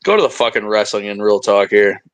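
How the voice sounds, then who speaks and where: A man's voice: on the low side, expressive, fairly quick. A man co-hosting a casual podcast, telling a rambling, profane story with bursts of laughter. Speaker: podcast co-host.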